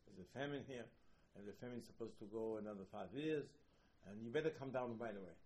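A man teaching a Torah class in halting, broken English, full of rhetorical questions and sudden bursts of emphasis. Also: on the low side, darkish tone, poor audio.

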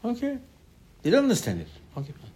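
Animated man teaching a Torah sermon. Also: sits high, fast. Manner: animated, asks and answers his own questions; sudden loud emphasis on key lines.

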